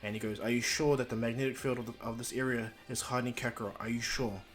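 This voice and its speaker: A man tells an improvised fan story in a loose, rambling way, stumbling over restarts and slipping into his characters' lines. His pitch sits in the middle. Faint music plays underneath. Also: fairly even intonation, fast. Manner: rambling, with many restarts, and quotes each character in the flow.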